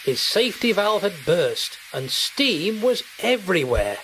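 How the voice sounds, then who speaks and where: A man narrating a children's storybook tale in a steady storytelling manner. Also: high-pitched, measured pace, a little hiss or hum. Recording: loud background music.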